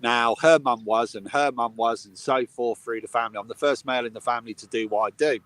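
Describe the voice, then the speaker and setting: A man's voice: mid-range voice, fairly even intonation, quick pace, a bit bright, no echo. A man, a medium, telling a funny family story in casual chat on a live video call. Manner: chatty, laughs at his own stories. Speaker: medium, co-host.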